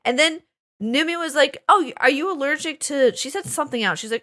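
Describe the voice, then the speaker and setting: A woman's voice: high voice, expressive, a little fast, sharp tone. A woman co-hosting a casual chat. She is a little sniffly, swears often and acts out what people said as she tells her story. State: slightly sniffly. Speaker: podcast co-host. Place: at a table with co-hosts.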